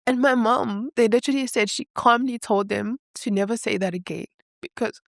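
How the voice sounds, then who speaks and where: A woman's voice: a little high, moderate pace, gravelly, no echo. Young woman guest, candid and earnest, dry close sound, little laughs here and there. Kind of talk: emotional interview.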